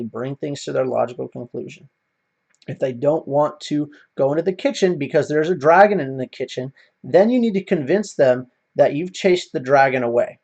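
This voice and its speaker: A man's voice: mid-range voice, creaky, a little mellow, muffled recording. A man ranting in a casual monologue, swearing often and rambling with many fillers. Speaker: video commentator.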